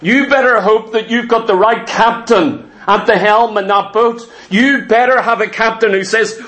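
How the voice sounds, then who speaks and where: A man's voice: high voice, moderate pace, fairly bright tone. A male preacher giving an emphatic sermon, telling stories and driving his points home with repeated phrases.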